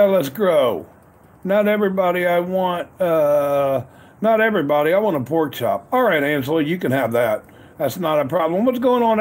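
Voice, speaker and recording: A man hosting a casual live stream outdoors at a grill, greeting chat viewers by name over and over with upbeat, repeated catchphrases. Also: high-pitched. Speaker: livestream host. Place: outdoors at a grill in cold weather.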